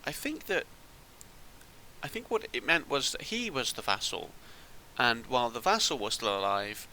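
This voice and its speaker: A man talks through a game in loose, casual commentary. His voice is very bright and sharp, and he thinks aloud, circling back with restarts and hesitations. A faint hiss sits under the recording. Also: mid-range voice, very animated, moderate pace, rough recording. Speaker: gaming channel host.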